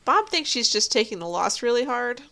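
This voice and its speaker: A woman's voice: on the high side, sing-song, normal speed, bright, forceful tone. A young adult woman co-hosting a casual show, animatedly recapping an episode and laughing often. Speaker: podcast co-host.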